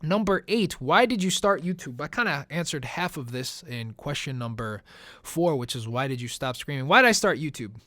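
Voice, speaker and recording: A man's voice: a little high, animated, normal speed, sharp tone, dry recording. Chatty young man, dry close mic. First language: Italian. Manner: chatty, laid-back, says "man" and "guys" often. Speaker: gaming YouTuber. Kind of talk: casual Q&A commentary over gameplay.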